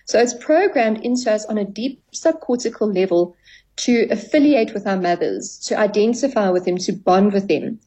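Her mid-range voice is warm, husky and expressive, moving at a normal pace over a rough recording. As a therapist guesting on radio, she explains at length and acts out conversations she has had with clients.

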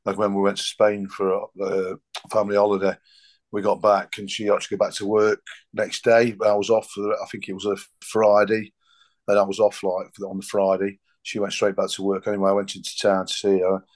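Middle-aged man, very deep monotone, unpolished guest. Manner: halting, plain-spoken. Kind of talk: casual chat.

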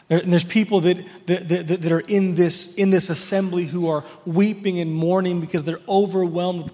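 Guy preaching in church, high-ish voice, keeps repeating words, echoey hall sound. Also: fairly even intonation, brisk. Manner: earnest, repeats words as he restarts. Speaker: pastor. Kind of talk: sermon.

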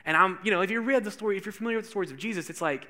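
A man preaching a sermon, telling a funny personal story and acting out the voices in it with lively energy. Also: high-pitched, very fast. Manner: animated storyteller acting out quotes. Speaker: pastor.

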